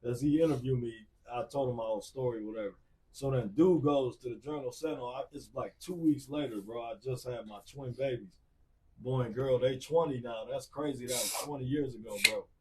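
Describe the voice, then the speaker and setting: A man's voice: medium pitch, a little fast, far from the mic, slight background noise. A man in his forties, an R&B singer telling stories in casual talk, acting out the people in them. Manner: animated, acts out voices of people in his stories. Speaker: R&B singer, podcast guest. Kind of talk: casual storytelling.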